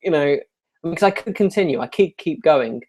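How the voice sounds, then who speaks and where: A man's voice: a little high, expressive, normal speed, darkish tone. A young man with a self-deprecating, rambling manner, chatting casually while answering viewer questions live. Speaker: YouTuber hosting a live Q&A.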